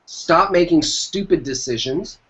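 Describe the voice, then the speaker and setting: A man's voice: fairly high pitch, unhurried, a bit bright. A man guest in an interview, giving motivational business advice in an emphatic way and repeating his key phrases. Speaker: entrepreneur guest. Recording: dull lo-fi sound.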